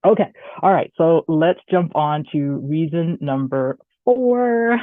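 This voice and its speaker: A woman with a Southern US accent giving a chatty, animated online presentation, often checking in with "right?". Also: low-pitched, slow, dry recording. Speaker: guest speaker. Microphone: video call. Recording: tinny phone-like audio, dry.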